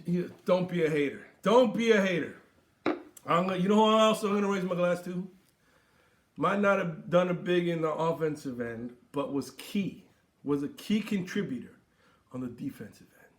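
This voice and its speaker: Boisterous high-voiced man hosting a comedic sports recap. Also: normal speed. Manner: boisterous, theatrical toasts, playful bits. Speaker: sports show host.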